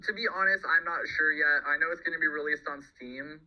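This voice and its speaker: A man's voice: a little high, a little fast, highs cut off. A man, a game developer, hosting a casual Q&A. He rambles, restarts his sentences and laughs often.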